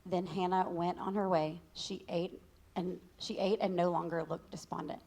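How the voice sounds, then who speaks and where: A Texan woman shares the pulpit, reading scripture aloud and breaking in with candid, joking asides. Her voice sits a little low for a woman. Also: flat delivery, moderate pace, vocal fry, warm tone. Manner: candid and joking, says y'all. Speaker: pastor's wife co-teaching.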